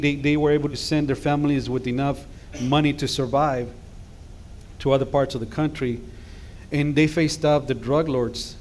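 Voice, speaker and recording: Speaking from a church sanctuary, this middle-aged guest pastor delivers a fervent sermon that climbs toward forceful exhortations. His voice sits at a medium pitch with a somewhat dark tone, and there's a little background noise.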